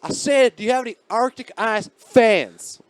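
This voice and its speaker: A man's voice: very high-pitched, moderate pace, smooth, no room sound, pitched above the performer's own voice. A man voicing a scrawny, belligerent Southern tweaker in his fifties, with a sneering, profane delivery and a Southern accent.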